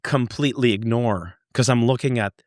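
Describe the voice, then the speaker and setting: A man telling a story as a podcast guest, animated, swearing and repeating words for emphasis. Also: medium pitch, moderate pace, dry recording, clean studio sound. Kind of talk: casual storytelling.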